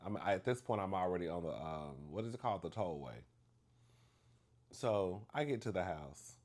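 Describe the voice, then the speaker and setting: A man telling a story to the camera in a chatty, animated way, acting out the dialogue with big emphasis and calling the listener "girl". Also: low voice, normal speed. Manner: acts out dialogue with exaggerated emphasis.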